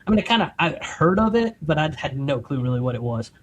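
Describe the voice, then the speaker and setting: A man's voice: a little high, fast, a little hiss or hum. A middle-aged man on a podcast telling his testimony in a casual, rambling way, acting out his own quotes. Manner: animated storyteller, acts out quotes; rambling with many restarts. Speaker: podcast guest.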